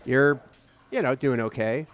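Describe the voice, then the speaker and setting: A man's voice: medium pitch, unhurried, no room sound. A man co-hosting a podcast, chatting casually over beers, rambling with many fillers and restarts. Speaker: podcast co-host.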